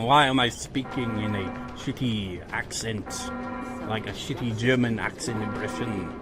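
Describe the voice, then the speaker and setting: A man narrates his gameplay with a slow, unhurried delivery, full of sarcasm and frequent swearing. He talks back to the game characters as he plays. Game music runs clearly behind him. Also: fairly low pitch. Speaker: let's play gamer. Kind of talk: casual gameplay commentary.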